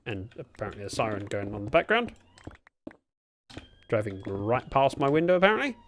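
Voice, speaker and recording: A man's voice: medium pitch, very animated, a little fast, a little hiss or hum. A man chatting casually on a game livestream at home, rambling and reacting to his viewers. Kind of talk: casual gaming livestream chat. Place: room at home by a window.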